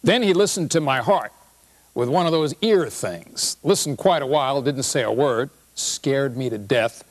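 A man's voice: mid-range voice, animated, normal speed, lightly acted. A man reading a play aloud, voicing an indignant older man complaining about his doctor.

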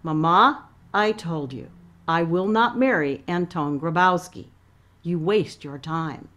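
A woman's voice: fairly low pitch, slow pace, fairly bright tone. A woman reading as a defiant teenage girl. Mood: firm. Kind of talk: reading a novel aloud.

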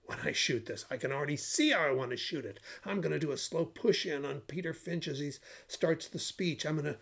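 A man's voice: on the high side, fairly quick, gravelly, fairly bright tone, breathy edge. An older man teaching screenwriting in a casual, enthusiastic way, posing rhetorical questions to his students. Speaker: screenwriting instructor.

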